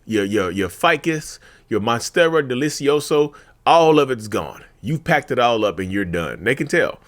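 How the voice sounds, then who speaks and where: A man hosting a casual talk video, speaking into a handheld mic while seated at home, colloquial and animated, repeating his phrases with folksy asides. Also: medium pitch, moderate pace. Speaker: YouTube host talking about narcissism. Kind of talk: casual direct-to-camera talk. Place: seated at home in front of a tripod camera.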